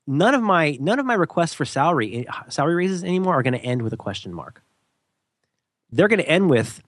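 A man co-hosting a podcast, talking in an animated, emphatic casual rant and slipping into mock voices. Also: a little high, fairly quick, no room sound, clean studio sound. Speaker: podcast co-host.

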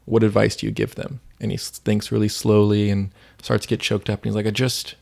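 A man's voice: lowish voice, flat delivery, a little fast, creaky, few pauses. A man co-hosting a faith podcast, chatting casually and retelling stories with many fillers. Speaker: podcast co-host.

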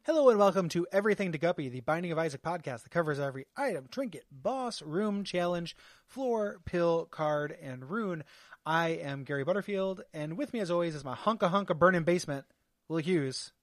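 High lively male podcast host, dry sound. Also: brisk, no echo. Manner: laughs often, banters. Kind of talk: casual podcast chat.

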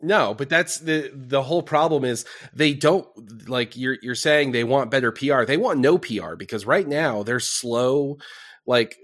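A man's voice: mid-range voice, measured pace, a bit bright. A man co-hosting a casual political podcast, giving blunt, offhand commentary.

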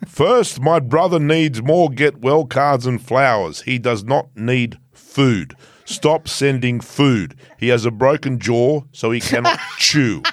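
A man's voice: medium pitch, no room sound, close to an everyday voice. A man voicing a pompous, self-important ship captain in a stiff, put-on foreign accent as a comic podcast bit. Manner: stiff commanding fake foreign accent, slow and deliberate. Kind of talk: comedic podcast skit.

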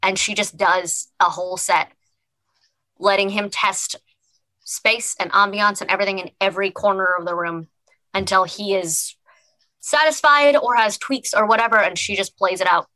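Woman player, rambling game narration, forceful bright voice, dry sound. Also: medium pitch, moderate pace, dry recording, low-quality recording. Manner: rambling, lots of likes.

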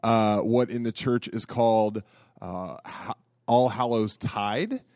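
A man's voice: on the low side, steady tone, slow, darkish tone, dry recording, clean studio sound. A man with a Southern US accent co-hosting a parish podcast in easygoing, self-deprecating casual chat. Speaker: podcast co-host, parish communications director.

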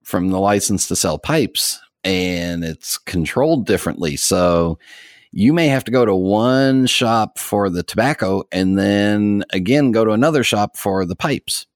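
Deep-voiced man chatting on a podcast. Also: a little slow, no echo, clean studio sound. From United States. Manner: relaxed and rambling, with frequent fillers and soft laughs. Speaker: podcast host. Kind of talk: casual chat.

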